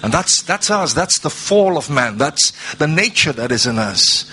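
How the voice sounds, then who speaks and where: A man preaching a sermon, alternating slow scripture reading with rising, drawn-out proclamations. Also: sing-song, sharp tone, a little hiss or hum. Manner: rises to high, drawn-out proclaiming.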